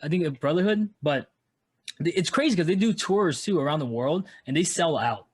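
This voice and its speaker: A man's voice: fairly high pitch, lively intonation, normal speed, husky. A man co-hosting a podcast in casual chat, laid-back and swearing freely. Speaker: podcast co-host.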